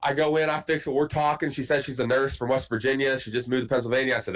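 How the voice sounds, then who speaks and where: A man's voice: medium pitch, quick pace, hardly any pauses, rough recording. A man hosting a podcast, telling a casual story in a profane, boisterous, joking way. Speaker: podcast host.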